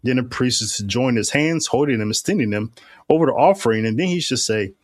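A man's voice: mid-range voice, animated, no echo. A man reading the words of the Mass aloud and commenting on them in a critical, casual way. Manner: reads liturgy slowly and deliberately, then comments casually.

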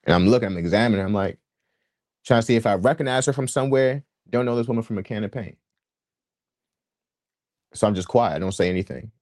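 A man's voice: fairly low pitch, fast talker, long pauses, a little mellow, no room sound, clean studio sound. A young man from Washington, D.C., earnestly telling a personal story in casual slang, with frequent restarts. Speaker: guest sharing his testimony.

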